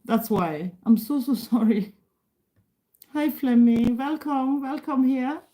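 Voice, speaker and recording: Her high, warm voice takes things slowly as this middle-aged Kenyan woman chats on a live stream, working through viewer comments. She laughs frequently and restarts sentences, and the recording quality is rough.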